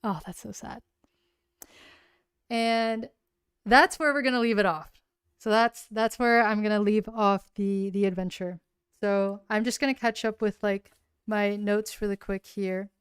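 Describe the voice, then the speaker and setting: A woman's voice: mid-range voice, clear, resonant tone, no echo, studio quality. A woman casually recapping her solo tabletop game on a livestream, rambling with lots of "like" fillers and gushing openly. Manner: rambling, heavy use of "like" fillers.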